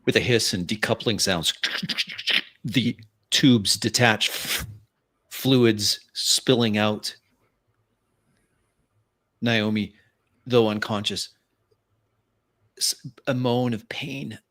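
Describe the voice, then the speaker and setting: Male game master narrating a tabletop game, unhurried and halting, bright voice. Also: fairly low pitch. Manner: halting descriptive narration with fillers. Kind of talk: narrating a tabletop role-play.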